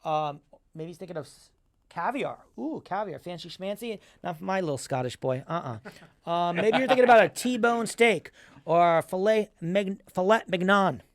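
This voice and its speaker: A man chatting as a podcast guest, excitable and quick, repeating himself as he talks. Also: sits high, no echo. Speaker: guest, magician and entertainer. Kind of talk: animated podcast chat.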